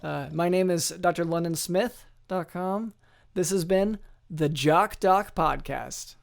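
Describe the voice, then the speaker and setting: A man's voice: high-pitched, slow pace, creaky. A man hosting a podcast, chatting playfully and reading a jokey scripted outro. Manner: playful, wraps up with thank-yous. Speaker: podcast host. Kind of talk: casual chat and scripted outro narration.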